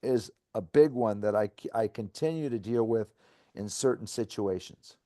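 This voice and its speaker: A man's voice: on the low side, normal speed. A middle-aged man reading aloud from his memoir in an earnest storytelling manner, then talking about recovery with a co-host. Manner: earnest storytelling, acting out shouted quotes.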